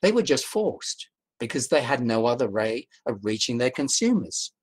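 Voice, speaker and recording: A man giving an online academic talk as a guest professor, measured and emphatic, posing rhetorical questions to his audience over a video call. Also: medium pitch, sing-song, husky. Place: indoors at home during rain.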